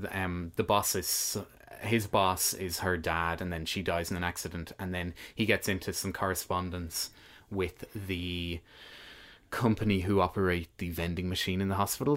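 A man from the chatting casually about films, wry and animated when riled. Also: sits low. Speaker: film review podcast host. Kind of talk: casual chat.

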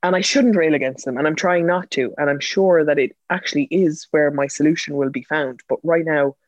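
A man's voice: a little high, brisk, no room sound, muffled recording. A man talking candidly about his experiences with therapy, hesitant and self-deprecating, often restarting his sentences. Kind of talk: candid personal conversation.

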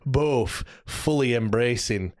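A man's voice: medium pitch, takes it slowly, no echo, clean studio sound. A man hosting a football podcast, leading the casual chat and swearing freely. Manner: leads the talk, lively and swearing. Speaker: podcast host.

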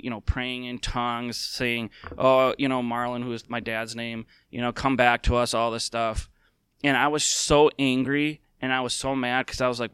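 A man talks candidly and from the heart, filling his pauses with ums and restarts. His voice is bright and very clear. The sound is dry and close, with no room behind it. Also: medium pitch, dry recording. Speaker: podcast host. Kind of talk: casual personal talk.

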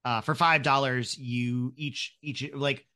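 A man's voice: medium pitch, slow pace. A man running a tabletop role-playing game, narrating scenes with lots of ums and likes. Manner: relaxed, filler-heavy narration. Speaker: game master.

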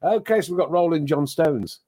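A man's voice: on the high side, expressive, a little fast, a crowd in the background. A man hosting a casual radio chat, who reads out listener messages and laughs often. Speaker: radio show host. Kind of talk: casual banter.

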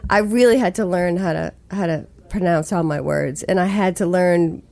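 A woman's voice: lowish voice, moderate pace, gravelly, darkish tone, dry recording. A woman in her forties with a Boston accent, a songwriter chatting casually in an interview and laughing often. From Massachusetts. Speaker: songwriter guest.

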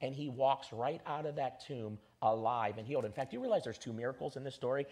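Husky-voiced man preaching a sermon. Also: mid-range voice, brisk. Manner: animated preaching, leads the congregation in call-and-response. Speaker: pastor.

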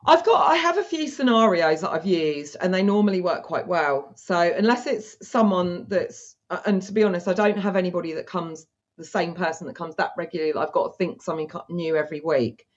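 A woman's voice: fairly low pitch, fairly quick, lo-fi sound. A woman chatting frankly as a podcast guest, laughing easily as she talks. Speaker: guest, dominatrix. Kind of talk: casual chat.

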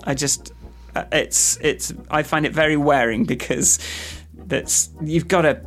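A man's voice: a little high, steady tone, a little slow, a bit bright. A man co-hosting a podcast in casual, rambling chat, with many restarts and fillers. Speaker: podcast co-host. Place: office building with workers nearby.

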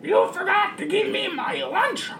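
A woman's voice: extremely high pitch, animated, measured pace, gravelly, a bit bright, shouting, a little hiss or hum, pitched above the performer's own voice, full character voice. A woman voicing a whiny, demanding male pet parrot in an improvised comic role-play. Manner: whining, complaining.

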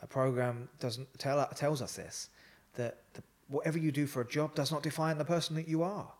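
A man's voice: fairly high pitch, fairly even intonation, normal speed, a little mellow. A man telling personal stories in a casual chat, rambling with lots of fillers and quoted dialogue. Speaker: podcast guest. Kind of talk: casual storytelling.

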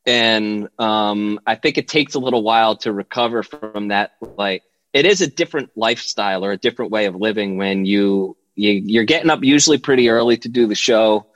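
Animated storytelling man, dry sound. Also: a little fast, no room sound, highs cut off. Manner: animated storyteller, acts out quotes in high voices. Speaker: podcast guest. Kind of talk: casual storytelling chat.

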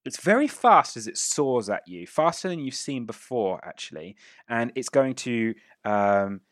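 A man narrating a tabletop game as game master, describing the action in a casual way with quick asides. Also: medium pitch, sing-song, a bit bright, no room sound, studio quality.

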